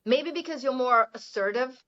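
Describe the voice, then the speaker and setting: A woman's voice: high voice, moderate pace, fairly bright tone, dull audio. A Brazilian woman, an English teacher, speaking English in a chatty interview and often adding "you know" and light laughs. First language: Portuguese. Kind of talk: casual interview chat.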